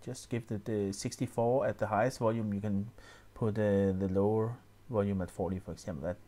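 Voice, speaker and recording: A man explaining music software step by step, often pausing with fillers and restarting his sentences. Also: lowish voice, steady tone. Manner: hesitant, many fillers and restarts. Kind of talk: screen-recorded tutorial.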